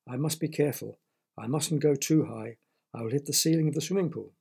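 A man's voice: a little high, brisk, vocal fry, a little mellow, slightly rough, full character voice. A man voicing a sensible, cautious young boy in a storybook reading. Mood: excited.

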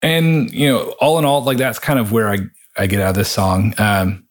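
A man talking through a worship song and Bible passages in a casual, thoughtful way, often pausing and restarting his sentences. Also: fairly low pitch, little pitch movement. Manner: thoughtful, halting with frequent restarts and fillers. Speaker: podcast co-host reviewing a worship song.

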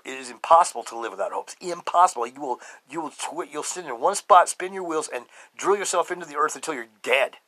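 A middle-aged man hosting a podcast, telling his own story emphatically and swinging between loud outbursts and low murmurs. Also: slightly rough, dry recording, poor audio. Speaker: podcast host. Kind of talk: personal testimony monologue.

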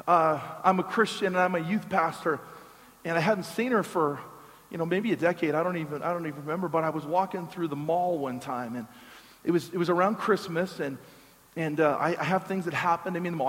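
A man preaching as a pastor, telling a story conversationally with joking asides and repeated words. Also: on the high side. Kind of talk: storytelling sermon. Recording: long reverb of a large hall.

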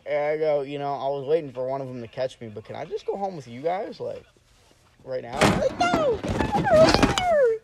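A man's voice: medium pitch, fairly quick, vocal fry, background noise. A young man in casual conversation tells a rowdy story among friends, cursing freely and laughing through it. His voice sits in an ordinary middle range. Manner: profane, animated storytelling with laughs. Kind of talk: casual chat.

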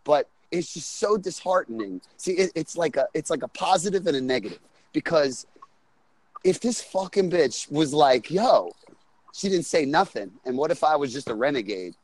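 Man, crude casual storyteller, rambling, profane, fairly high voice. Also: lively intonation, moderate pace, no room sound, rough recording. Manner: rambling, profane, says "right?" and "you know what I'm saying" often. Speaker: storyteller on a group call. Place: on a loud street outside a bar.

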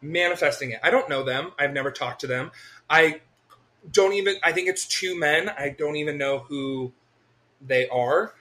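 Animated, swearing podcast co-host man. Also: a little high, moderate pace. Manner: animated, swears freely, laughs often. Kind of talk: casual chat.

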